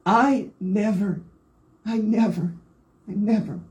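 A woman's voice: medium pitch, slow, a little mellow, poor audio. A woman preaching a Pentecostal sermon, reading scripture aloud with fervent, rousing delivery.

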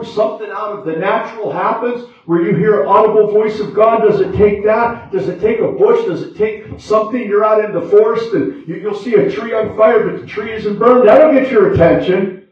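A high-voiced man preaches an evening sermon in a church sanctuary. He is picked up from well back in a very echoey room, and the sound is dull and muffled. His cadence drops to hushed low passages and lifts into fervent prayer. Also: moderate pace, distant mic.

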